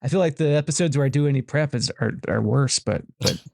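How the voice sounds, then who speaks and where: A man's voice: medium pitch, fast talker, creaky, darkish tone, no room sound, studio quality. A man hosting a casual podcast, rambling and self-correcting as he talks. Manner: rambling, full of restarts and filler. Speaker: podcast host.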